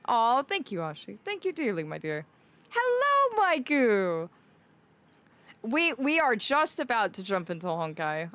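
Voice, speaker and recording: In a theatrical fae persona on her live stream, this young woman lovingly calls the people in chat "my dear." Her voice is medium in pitch with a fairly bright tone.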